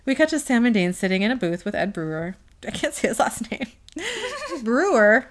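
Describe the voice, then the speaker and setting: A woman's voice: a little high, very animated, normal speed. A woman co-hosting a podcast, chatting casually and reading out scenes from an episode, laughing often. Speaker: podcast co-host recapping a TV episode. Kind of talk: casual chat.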